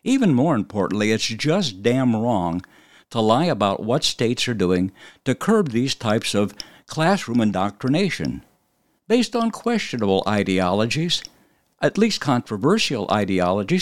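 Emphatic male commentator, lively pitch. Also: measured pace, no room sound, studio quality. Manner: emphatic, with sudden high-pitched jumps. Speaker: podcast host. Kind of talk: opinion commentary monologue.

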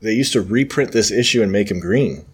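A low-voiced man hosting a podcast retells a comic book plot in casual chat. He rambles, trails off and corrects himself, leaning on fillers. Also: lively intonation, fairly quick, slightly rough. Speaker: podcast host.

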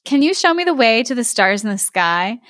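A woman's voice: a little high, sing-song, moderate pace, a bit bright, dry recording, studio quality. A woman voicing a tired, earnest young girl in a storybook reading. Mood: polite. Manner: plaintive, earnest.

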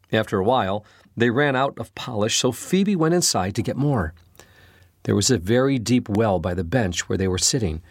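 A man narrating a storybook, reading expressively with an animated delivery. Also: mid-range voice, slightly rough, dry recording. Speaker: storybook reader.

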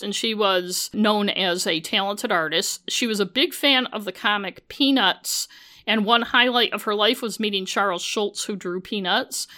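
Bright-voiced chatty woman podcaster. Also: mid-range voice. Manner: chatty, sarcastic asides, swears freely. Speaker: podcast host; former journalist. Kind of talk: casual true-crime narration.

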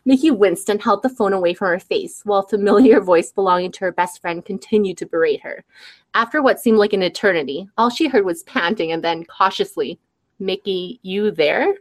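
A woman author on a show, reading aloud from her own novel in a lively, chatty way. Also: medium pitch, brisk. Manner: lively, chatty, laughs between passages. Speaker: guest author.

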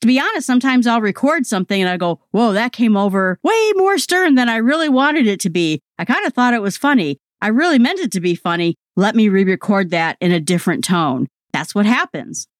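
A woman hosting a solo podcast, talking in a conversational, expressive way with lively emphasis, close to the microphone. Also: fairly high pitch, dry recording. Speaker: podcast host.

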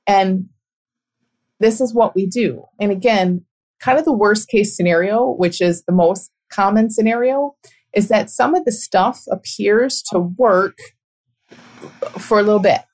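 A middle-aged woman hosting a talk show and coaching, speaking in an earnest, reflective way with soft laughs. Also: mid-range voice, measured pace. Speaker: podcast host and coach. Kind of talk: conversational monologue.

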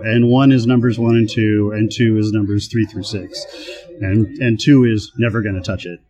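A man's voice: lowish voice, moderate pace, muffled recording. A man talking as a guest in a casual interview, telling work stories with a laugh now and then and acting out other people's lines. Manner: animated, laughs often, acts out quoted voices. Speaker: guest, software team manager. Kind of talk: casual conversational storytelling.

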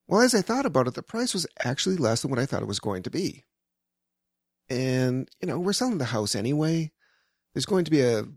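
A man's voice: medium pitch, a little mellow, no room sound. A man telling a personal anecdote in a wry, conversational way with dry humor.

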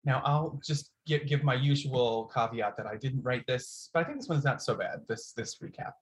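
A podcast host chatting playfully on a video call, full of asides and quick jokes. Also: mid-range voice. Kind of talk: casual chat.

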